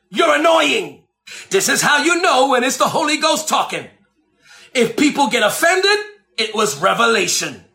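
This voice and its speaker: A man preaching a sermon, emphatic and animated, swinging between shouted lines and slow, drawn-out low phrases, repeating lines for effect.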